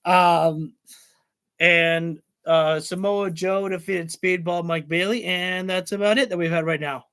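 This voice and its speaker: A man's voice: high-pitched, fairly even intonation, measured pace, a bit bright, clean tone, dry recording. A man hosting a live stream, reacting casually and thinking aloud with fillers. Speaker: stream host.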